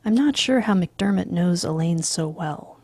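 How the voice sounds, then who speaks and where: A woman reading a novel aloud in a dry, deadpan, often hushed manner. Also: lowish voice, a little slow, no room sound. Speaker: reader. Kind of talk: audiobook reading.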